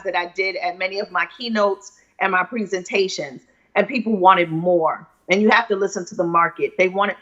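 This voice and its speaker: A woman's voice: medium pitch, moderate pace, a bit bright. A woman author answering interview questions with confident, persuasive energy, like a keynote speaker. Her audio sounds a little dull and lo-fi. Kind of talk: live video interview.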